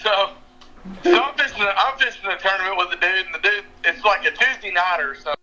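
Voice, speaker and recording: A man's voice: high voice, quick pace, sharp tone. A young man with a drawl, laughing as he tells a fishing story over a call. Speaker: fishing guide and podcast regular. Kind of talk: casual storytelling. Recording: muffled phone-line call.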